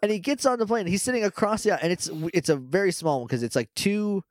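Guy cohost recapping a movie, jokey and rambly, kinda high voice, dry mic. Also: very animated, no room sound. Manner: rambling, jokey, acts out film lines in quick quoted voices. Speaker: podcast co-host. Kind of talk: casual movie recap chat.

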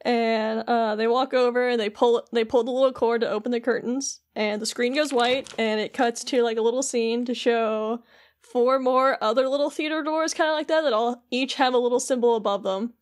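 A woman's voice: a little high, steady tone, normal speed. A woman co-hosting a podcast, chattily recapping a video game with lots of fillers. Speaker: podcast co-host.

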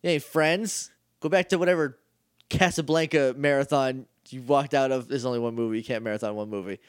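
A man's voice: mid-range voice, fairly even intonation, fairly quick, smooth, no echo, studio quality. A man co-hosting a casual podcast, recapping an episode in a chatty, jokey way and acting out lines. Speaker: podcast co-host.

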